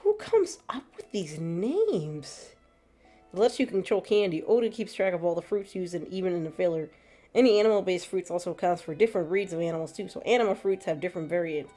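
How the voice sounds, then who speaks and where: A woman's voice: fairly low pitch, fast, dark tone. A woman streaming gameplay, chatting casually, laughing often and reading chat aloud. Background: faint background music.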